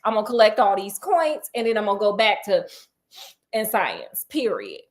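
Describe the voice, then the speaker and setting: A woman's voice: medium pitch, big pitch swings, normal speed, natural voice. A woman voicing a brash, cocky male detective who talks in slang. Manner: boastful, slangy.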